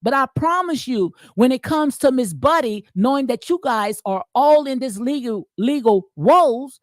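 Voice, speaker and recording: A middle-aged woman hosting a commentary channel reads and reacts casually, emphatic and colloquial, repeating phrases and ending lines with "okay?" in a preacher-like rhythm. Her voice sits high and animated, her pace unhurried, in a studio-quality recording with no echo.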